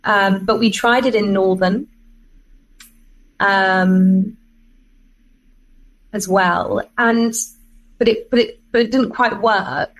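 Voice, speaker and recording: A woman's voice: mid-range voice, steady tone, takes it slowly, pauses often, rough recording. English woman chatting with easy laughs. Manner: chatty, self-deprecating, laughs often. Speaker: voice actor guest. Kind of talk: casual interview chat.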